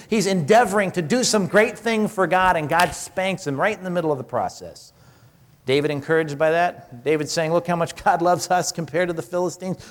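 A male pastor with a somewhat high voice delivers a sermon in an easy, conversational way. He asks the congregation questions and acts out the words of people in the passage. A long reverb trails his voice through the hall. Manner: conversational preaching with rhetorical questions and animated acted-out quotes.

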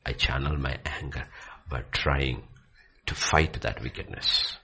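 A man teaching from the Bible with passion, dropping to hushed near-whispers and then rising to loud, excited bursts. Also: very deep voice, measured pace, gravelly, a little hiss or hum. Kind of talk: impassioned preaching in conversation.

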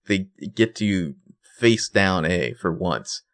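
Man, very low voice, gravelly, lively up-and-down delivery, casual podcast recap. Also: takes it slowly. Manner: animated retelling, acts out quotes. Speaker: podcast co-host.

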